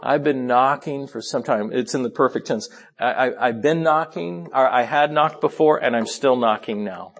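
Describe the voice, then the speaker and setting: With soft music playing in the background, a preacher moves between quiet, low asides and emphatic, pleading passages in his sermon. He occasionally starts a line over and apologizes for going too fast.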